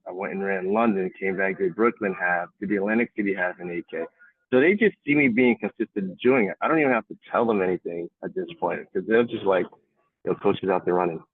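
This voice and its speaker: A man running coach telling stories in an interview, animated and acting out what others say. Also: sits low, fast talker, husky, no room sound. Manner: animated storytelling, acting out quotes. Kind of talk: casual interview answer. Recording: tinny phone-like line.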